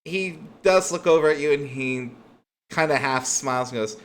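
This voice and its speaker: A man's voice: on the high side, moderate pace. A man narrating as game master in a tabletop game, talking casually with plenty of fillers.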